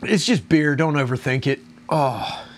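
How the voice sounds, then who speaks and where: A man's voice: fairly high pitch, a little slow, a little hiss or hum. A man reviewing a beer on his own, rambling, groaning and complaining in crude language. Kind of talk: casual solo review.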